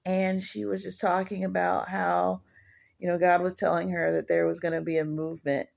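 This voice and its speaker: A woman's voice: fairly low pitch, little pitch movement, normal speed, creaky, darkish tone. A woman preaching casually in a home video, rambling and digressive, often restarting her sentences. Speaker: online prophetess.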